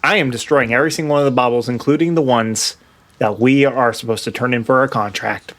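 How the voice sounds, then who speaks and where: A man playing a tabletop role-playing game, speaking in character in a measured, wry way. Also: mid-range voice, steady tone, fairly bright tone. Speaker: player.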